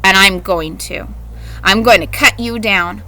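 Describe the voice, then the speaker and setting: Woman reading as an earnest, stubborn country boy, storybook reading, bright clear tone, plain everyday voice. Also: medium pitch, a little slow, rough recording.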